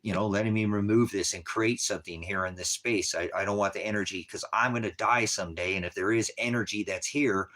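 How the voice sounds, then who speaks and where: Rambling, profane man with a lowish voice. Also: steady tone, fairly quick, hardly any pauses, a bit bright. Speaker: ministry leader. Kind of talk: casual livestream talk.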